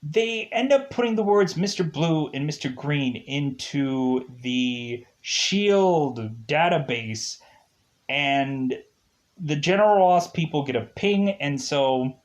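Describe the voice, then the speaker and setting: A man's voice: mid-range voice, animated, slow. A man casually reviewing a movie, laughing often and acting out quotes as he retells it.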